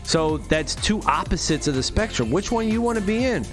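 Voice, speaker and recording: A man rants in a casual vlog monologue, swearing heavily and using street slang. His voice sits somewhat high and he leans hard on his words. Faint music plays in the background. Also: lively intonation, moderate pace. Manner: profane, emphatic, street slang. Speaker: vlogger.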